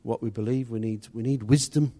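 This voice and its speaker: This man leads a church group at a brisk clip, his warm, mellow voice pitched in the middle with fairly even intonation. He teaches conversationally and loosely, drifting into asides and starting over as he explains what to do.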